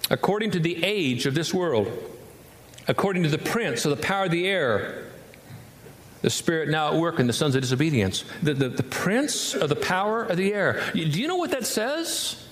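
A male pastor preaching a sermon, emphatic and repetitive, with wide swings between low and high delivery. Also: fairly bright tone, a little hiss or hum. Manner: emphatic, repeats words for effect, wide swings in pitch. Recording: echoey hall, faint ambience.

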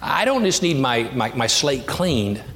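A pastor preaching a sermon, telling a childhood story, climbing to animated peaks and sinking to a hushed near-whisper. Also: male voice, medium pitch, unhurried. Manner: storytelling, rising to animated peaks with self-deprecating humor; drops to a hushed near-whisper on intimate lines. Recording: long hall reverb, faint background noise.

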